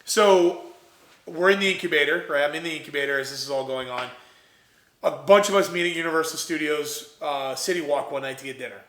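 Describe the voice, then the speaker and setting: A young man from Ohio, an entrepreneur guest, telling his story in a casual, animated way and acting out what others said. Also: on the high side, brisk, echoey room. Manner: animated, quotes himself and others in lively voices.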